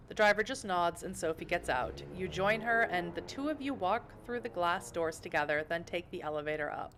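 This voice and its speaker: A woman's voice: fairly low pitch, animated, moderate pace, few pauses, a bit bright, a little hiss or hum. An American woman streaming a game from home, reading the story aloud and breaking off for playful, self-mocking asides. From United States. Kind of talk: reading a visual novel aloud with chatty asides.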